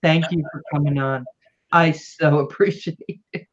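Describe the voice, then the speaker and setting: A woman's voice: low-pitched, steady tone, measured pace, muffled recording, a crowd in the background. A woman from Maryland with a slight Southern accent, hosting a casual livestream interview, teasing and giggling with her guest. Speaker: livestream host.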